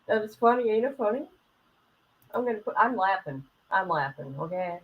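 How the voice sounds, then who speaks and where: A woman's voice: fairly high pitch, normal speed, rough recording. A woman hosting a casual commentary stream, giggly and rambling as she chats with her viewers. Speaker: commentary channel host. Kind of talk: casual livestream chat.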